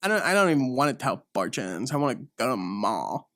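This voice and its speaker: A man's voice: mid-range voice, big pitch swings, brisk, fairly bright tone, dry recording, clean studio sound. Man putting on a bratty teen fortune teller girl. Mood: whiny. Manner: whiny, dismissive, sarcastic.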